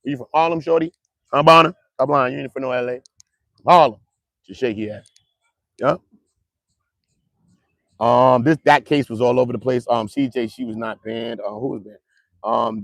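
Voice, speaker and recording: Gravelly slangy New man. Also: mid-range voice, brisk, no room sound, clean studio sound. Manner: loose street slang, joking, animated storytelling. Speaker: trial commentator. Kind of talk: casual livestream commentary.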